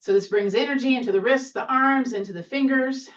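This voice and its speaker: A woman guides a seated tai chi class, her cues gentle, encouraging and now and then playful. She sounds a little away from the mic, and the sound comes through muffled and dull. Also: high voice, fairly quick, far from the mic.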